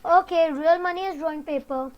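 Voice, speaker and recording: A woman hosting a reaction video, making brief, unhurried remarks. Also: very high voice, lo-fi sound. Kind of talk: casual reaction commentary.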